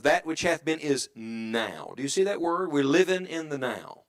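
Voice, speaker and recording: A middle-aged man preaching a sermon in church, dropping to an earnest hush and rising to emphatic calls, often asking the congregation questions. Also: a little high. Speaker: evangelist preacher.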